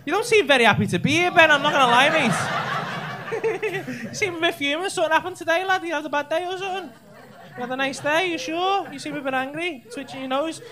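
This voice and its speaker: A man's voice: very high voice, fast talker. A man doing brash, sweary crowd work as a stand-up comedian on a comedy club stage. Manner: brash, sweary, teasing banter with the audience. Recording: live club show with loud crowd laughter. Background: laughing audience.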